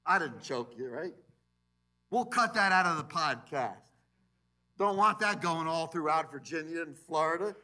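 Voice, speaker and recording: Male pastor, sermon, church sanctuary; high, sharp, very animated delivery. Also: normal speed. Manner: animated, swinging between loud emphasis and quiet asides.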